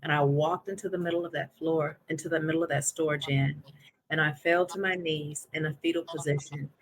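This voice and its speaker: A woman's voice: low-pitched, steady tone, brisk. A woman podcast guest recounting a personal story with intense emotion.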